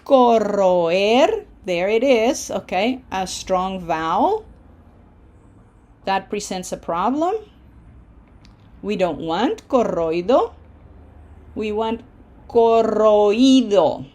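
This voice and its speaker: Slow, patient woman teaching a lesson. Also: medium pitch, sing-song, a little mellow. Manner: patient, explains step by step, frequent "okay?" check-ins. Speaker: Spanish teacher. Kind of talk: online language lesson.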